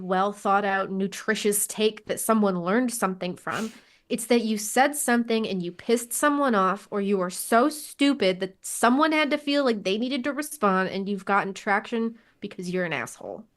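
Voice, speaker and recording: A woman on a podcast call, speaking in an ordinary middle-pitched voice. She is frank and animated, swears freely and laughs as she talks. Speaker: podcast co-host. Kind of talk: casual chat.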